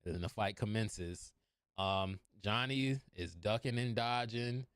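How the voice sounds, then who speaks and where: Animated man recapping a movie. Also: fairly low pitch, a little slow, clear, resonant tone, dry recording, clean studio sound. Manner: animated, laughing often, swearing. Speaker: movie reviewer. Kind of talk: casual scene-by-scene movie recap.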